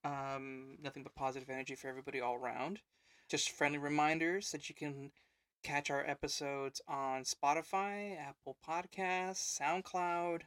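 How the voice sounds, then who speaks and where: A man's voice: fairly high pitch, fairly even intonation, moderate pace, fairly bright tone, clear, resonant tone, no room sound. A man co-hosting a casual podcast, rambling with lots of ums and you-knows. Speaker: podcast co-host. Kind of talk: casual chat.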